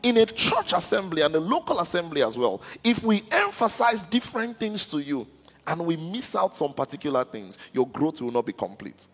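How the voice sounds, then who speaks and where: A man's voice: fairly high pitch, huge pitch swings, normal speed, fairly bright tone, breathy edge, big-room sound, faint music behind. A man pastor preaching a sermon in a church, often stuttering on restarts and asking the congregation if they are listening. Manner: stammers and restarts words.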